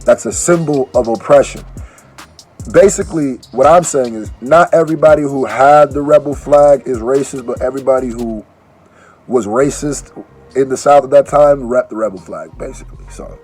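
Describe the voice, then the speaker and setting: Groggy guy rambling slangy reaction talk, mid pitch, bit of music faint in back. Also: moderate pace, a little mellow. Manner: loose slangy talk with restarts. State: groggy from allergy medicine. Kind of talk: casual reaction video chat.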